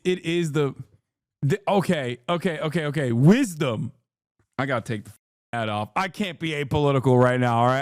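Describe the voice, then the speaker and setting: Excitable profane man streaming commentary. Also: moderate pace, no echo, clean studio sound. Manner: excitable, profane, swings into high incredulous outbursts. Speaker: streamer reacting to news. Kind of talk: casual livestream commentary.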